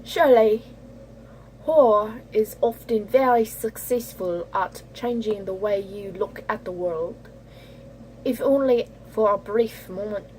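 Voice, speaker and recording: A woman voicing a shy bookish teenage girl in a halting, wavering British-ish accent while reading a visual novel aloud. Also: mid-range voice, darkish tone, a little hiss or hum, natural voice, rough recording. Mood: timid.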